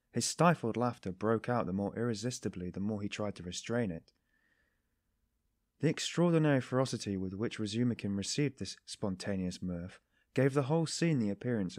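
A man narrating a classic novel as an audiobook in a steady, measured storytelling manner. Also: lowish voice, no echo, studio quality.

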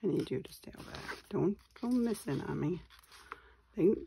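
Gravelly low-voiced woman chatting over crafts. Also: animated, moderate pace, mellow, a little hiss or hum. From Wisconsin, USA. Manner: chatty, mutters to herself while working. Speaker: papercraft channel host. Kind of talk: casual craft tutorial chat.

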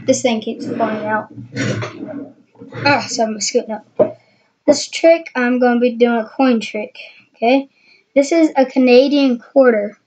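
A woman casually demonstrating magic tricks in a rambling, hesitant way. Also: fairly high pitch. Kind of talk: casual how-to tutorial. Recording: dull lo-fi with faint noise.

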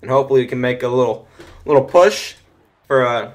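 A man's voice: mid-range voice, fairly quick. Chatty young guy narrating his game. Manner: chatty, easily excited, mutters to himself. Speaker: gaming commentator. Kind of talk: casual gameplay commentary. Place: home room.

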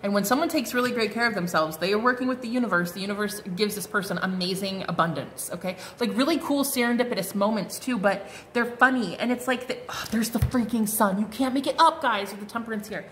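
A woman's voice: mid-range voice, fast talker, few pauses, a bit bright, a little hiss or hum. A woman giving a casual tarot card reading, chatty and bubbly, full of fillers and exclamations. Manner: chatty, bubbly, lots of "like" and "oh my God".

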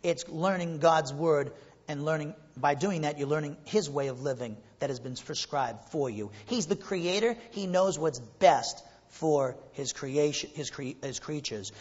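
A husky, slightly high-voiced man delivers an earnest sermon, building to emphatic peaks and rhetorical questions. His voice rings out with a long trailing reverb through what sounds like a church sanctuary. The recording is somewhat muffled. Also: unhurried, darkish tone. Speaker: pastor.

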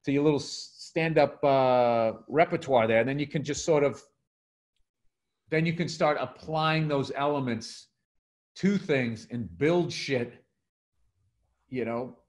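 Animated middle-aged man telling stories. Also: mid-range voice, measured pace, long pauses. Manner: animated storytelling, swearing, acts out quotes. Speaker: podcast co-host, comedian. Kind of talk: casual podcast chat.

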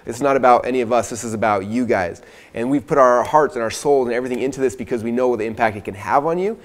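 Male co-presenter, earnest pitch, rapid-fire delivery; recorded with a long room reverb. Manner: earnest, speaks to viewers directly. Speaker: course co-presenter. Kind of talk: persuasive sales pitch. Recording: long echo of a large room.

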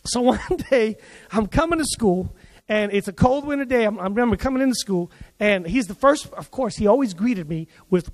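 A man preaching a sermon at a church service, telling a childhood story in an animated way and acting out the other people in it. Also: high voice, moderate pace. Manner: animated, acts out quoted voices. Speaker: pastor. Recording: long hall reverb.

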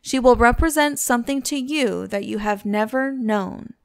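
A woman's voice: on the high side, normal speed, vocal fry. A woman voicing an eager, naive young man with a romantic, impassioned manner in an audiobook.

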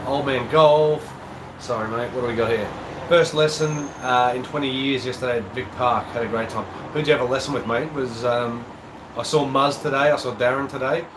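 A man's voice: medium pitch, fairly even intonation, fairly quick. Aussie male host, casual rambling chat, nasal with a cold; echoey room, audible aircon hum. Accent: Australian. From Australia. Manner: casual, chatty, rambling with fillers. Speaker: golf channel host. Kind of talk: live-stream chat reading viewer comments.

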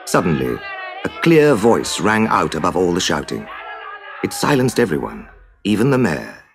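Man, storybook narrator, gravelly, husky, dramatic, very lively pitch. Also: moderate pace, over music, a crowd in the background.

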